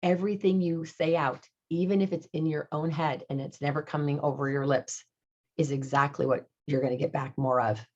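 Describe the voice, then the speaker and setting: Low-voiced upbeat woman coaching her team. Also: fairly even intonation, normal speed, darkish tone. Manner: upbeat and coaching, repeats key phrases for emphasis. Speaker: sales team director. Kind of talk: motivational team talk. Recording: dull lo-fi recording.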